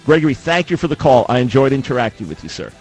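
A man's voice: mid-range voice, big pitch swings, quick pace, faint music behind, low-quality recording. Emphatic middle-aged male radio host. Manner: emphatic, quotes scripture, repeats phrases for stress. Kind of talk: call-in talk radio debate. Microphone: studio microphone.

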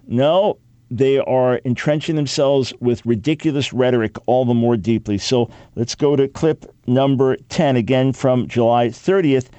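A man's voice: medium pitch, dark tone, no echo. A man hosting a radio talk show, giving sarcastic commentary with mock gasps and frequent restarts.

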